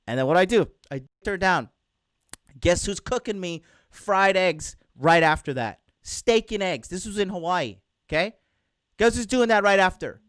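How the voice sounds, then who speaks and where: A man's voice: sits high, expressive, moderate pace, fairly bright tone, no room sound. Man, dating coach, profane rant, clipped-off swearing, repeated tag questions, dry close sound. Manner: profane and blunt, cuts off his own swear words. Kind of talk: ranting monologue to male viewers.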